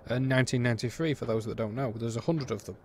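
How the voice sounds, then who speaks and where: British man, game reviewer, blunt, exasperated, rambling, mid-pitched voice, faint background hum. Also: fast, darkish tone. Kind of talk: casual review commentary.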